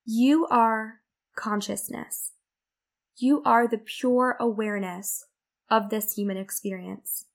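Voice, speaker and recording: A gravelly, fairly high-pitched woman's voice with fairly even intonation takes things slowly. She's a self-development podcast host giving an earnest, reflective monologue, acting out the worried inner voice as she illustrates her points.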